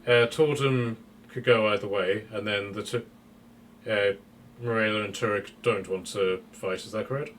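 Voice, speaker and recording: A man acting as game master, talking casually and relaxed, with many fillers. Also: fairly low pitch, normal speed, a little hiss or hum. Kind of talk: running a tabletop game.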